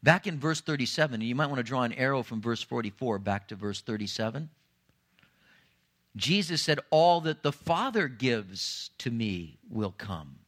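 A pastor preaching a sermon, swinging between quiet low asides and raised, emphatic lines. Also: male voice, animated, normal speed.

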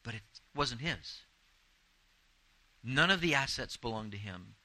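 A man preaching an expository sermon, earnest and pleading, reading scripture slowly and rising to emphatic bursts. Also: medium pitch, expressive, pushed and bright, dry recording, rough recording. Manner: reads scripture slowly and deliberately. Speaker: pastor.

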